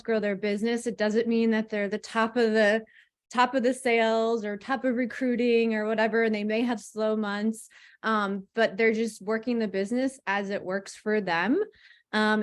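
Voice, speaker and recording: A woman team leader on a casual video call, rambling and warm, often laughing a little. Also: a little high.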